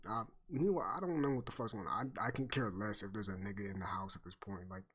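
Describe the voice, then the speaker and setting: A man's voice: on the low side, fast, fairly bright tone, husky. A young man chatting casually on stream, telling a story full of slang and swearing and laughing often.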